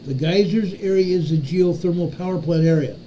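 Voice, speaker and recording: A man's voice: high-pitched, a little fast, mellow, a little hiss or hum, poor audio. A man hosting a live earthquake update, walking viewers through a map in an emphatic, repetitive way and often checking in with "okay?". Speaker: host of an earthquake update livestream. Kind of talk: live map walkthrough talking to chat.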